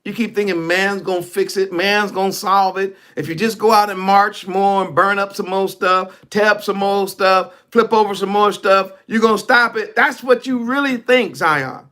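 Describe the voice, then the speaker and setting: A man's voice: sits high, steady tone, normal speed, hardly any pauses, pushed and bright. A male preacher giving a fiery, colloquial online sermon, reading scripture and preaching it.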